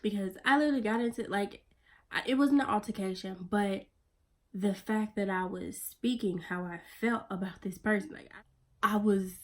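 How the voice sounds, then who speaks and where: A woman talking straight to her camera in a loose, swearing pep talk, pushing hard on key words and then sinking low and soft, almost whispering. Her pitch sits in the middle range for a woman. It sounds like casual, unscripted vlog chat. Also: moderate pace. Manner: blunt, profane, pep-talk delivery that drops to soft near-whispers. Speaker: vlogger.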